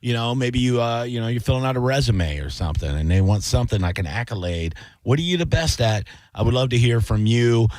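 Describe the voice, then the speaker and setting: A man's voice: mid-range voice, brisk, hardly any pauses, a little mellow, no echo. A man hosting a radio aftershow, chatting casually and joking with callers, with lots of fillers and restarts. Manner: rambling, filler-heavy, joking.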